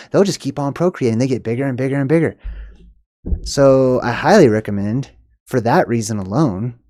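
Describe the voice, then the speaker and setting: A man's voice: mid-range voice, no echo. Rambling man with dry close sound. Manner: rambling, animated, laughs between asides. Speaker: host. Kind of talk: casual monologue on omens.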